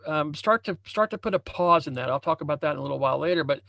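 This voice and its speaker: Higher-voiced man coaching over a video call. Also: lively intonation, fast, gravelly, pushed and bright, no room sound, highs cut off. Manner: conversational, repeats phrases and restarts often. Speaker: leadership and success coach. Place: home room with a banner hung as backdrop.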